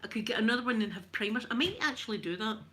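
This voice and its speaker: A woman's voice: a little high, expressive, racing, pushed and bright. A Scottish woman chatting casually on a live stream, self-mocking and laughing often as she talks to her viewers. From Scotland. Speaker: livestream host.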